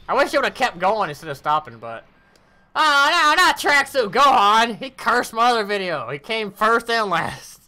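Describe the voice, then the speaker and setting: A woman giving casual commentary on her mobile game summons, animated and cursing at bad pulls. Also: on the high side, moderate pace. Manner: animated, groaning, swears.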